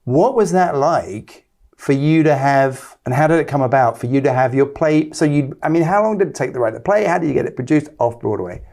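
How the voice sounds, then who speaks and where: A man's voice: mid-range voice, lively intonation, brisk, darkish tone. A man hosting a casual interview. He eagerly chimes in with constant short affirmations and praise. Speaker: host.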